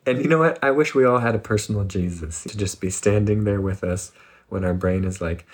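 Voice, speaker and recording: Husky man giving a playful spiritual talk. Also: on the low side, quick pace. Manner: animated, playful, laughs often. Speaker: spiritual speaker.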